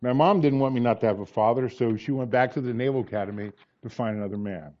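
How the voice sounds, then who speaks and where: A man's voice: mid-range voice, quick pace, muffled recording, a little hiss or hum. A man in his sixties preaching a sermon, telling personal stories and acting out the dialogue in them with earnest conviction. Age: 60s.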